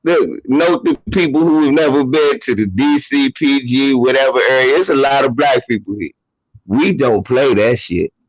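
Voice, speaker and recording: A man from New York, co-hosting a casual chat and telling stories in a profane, animated, street-slang way. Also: mid-range voice, moderate pace, dry recording. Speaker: podcast co-host. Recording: dull lo-fi dry audio.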